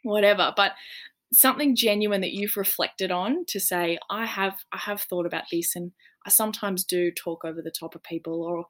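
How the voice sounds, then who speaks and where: A woman's voice: medium pitch, normal speed. A woman explaining job-interview advice in an earnest, chatty way, with frequent ums. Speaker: careers advice guest. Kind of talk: casual podcast chat.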